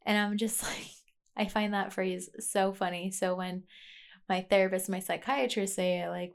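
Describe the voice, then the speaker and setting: A woman's voice: mid-range voice, fairly even intonation, normal speed, vocal fry. A woman talking in a rambling, candid way, as a vlogger sharing a personal rant. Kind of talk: casual confessional monologue.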